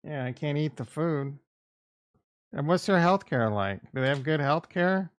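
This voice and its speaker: A man's voice: fairly high pitch, expressive, a little slow, smooth, dry recording. A middle-aged man hosting a livestream, chatting in a blunt, rambling, crude way. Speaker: livestream host. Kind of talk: casual livestream chat.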